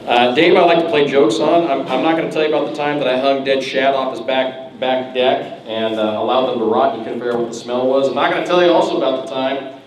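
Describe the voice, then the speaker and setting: A man's voice: medium pitch, steady tone, fast talker. A man giving a joking, rambling roast speech at a birthday party, teasing his friends. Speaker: roast speaker. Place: party hall with a crowd. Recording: echoey hall, far from the mic, noisy.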